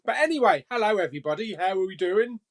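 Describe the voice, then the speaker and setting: A man's voice: high voice, expressive, fast. A man hosting a casual live chat stream and reading viewer comments, jokey, laughing often and swearing casually.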